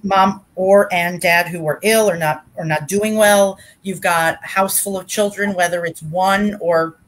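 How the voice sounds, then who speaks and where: A middle-aged woman speaking earnestly and warmly about caregiving, restarting her sentences often, over a video call. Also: mid-range voice. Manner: earnest, heartfelt, with frequent restarts. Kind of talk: conversational advice talk.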